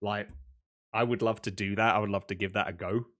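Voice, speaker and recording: A young British man co-hosting a casual podcast, rambling with excitement and often laughing. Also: fairly low pitch, brisk. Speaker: podcast co-host. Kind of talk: casual chat.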